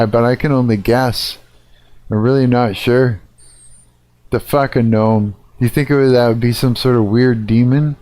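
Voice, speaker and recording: A man's voice: mid-range voice, a little mellow, no echo. A man live-streaming, reacting casually to a video, laughing often and swearing as he thinks aloud.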